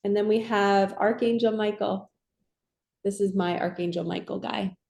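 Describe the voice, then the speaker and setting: Card reader, female, soft and reassuring, mellow tone, echoey room. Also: mid-range voice, fairly even intonation, moderate pace, gravelly. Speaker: tarot and oracle card reader. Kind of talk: casual spiritual card reading.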